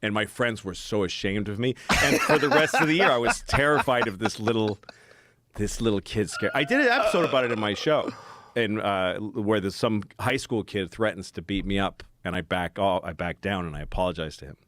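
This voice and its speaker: Man guest, low voice, dry close studio sound, rambling self-mocking storyteller. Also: animated, brisk, a bit bright, no echo. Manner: rambling, self-deprecating, laughs through the story. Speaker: podcast guest. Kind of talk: casual storytelling chat. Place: podcast studio.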